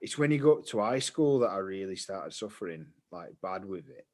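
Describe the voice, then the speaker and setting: A man, co-hosting a casual podcast chat and telling stories in an animated way, laughing easily. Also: deep voice, fairly quick. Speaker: podcast co-host.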